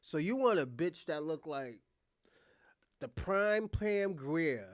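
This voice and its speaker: A man's voice: on the high side, lively intonation, takes it slowly, dry recording, studio quality. A man streaming his reaction to a talk show, laughing often and talking bluntly and crudely. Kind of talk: casual reaction commentary.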